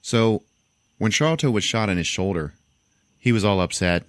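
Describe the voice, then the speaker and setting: A man's voice: on the low side, lively intonation, moderate pace, no room sound. A man hosting a podcast, casually retelling a film's plot and often laughing as he acts out lines. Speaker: podcast host. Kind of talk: casual film recap.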